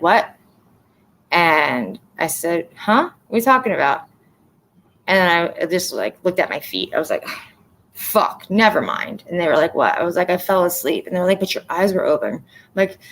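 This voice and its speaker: A woman's voice: on the low side, a bit bright, poor audio. A sleep-deprived woman hosting a casual livestream, rambling candidly, swearing freely and laughing at herself. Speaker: livestream host.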